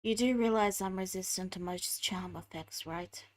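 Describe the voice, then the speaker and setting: A woman's voice: mid-range voice, moderate pace. A woman playing a tabletop game in a curt, aloof manner. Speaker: player. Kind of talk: tabletop role-play.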